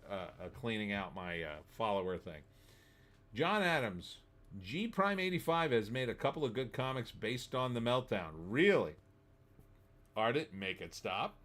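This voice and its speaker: A man's voice: medium pitch, fairly bright tone. A middle-aged man hosting a live stream, reading chat messages and mocking them in sarcastic, laughing commentary. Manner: sarcastic, laughs often, mocking put-on voices. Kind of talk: casual commentary.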